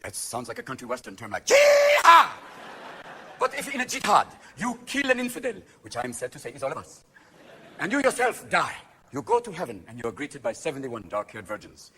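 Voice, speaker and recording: A man doing a stand-up comedy routine, manic, swinging between shouts and hushed asides, recorded live on stage. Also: mid-range voice, sing-song, fast, slight background noise.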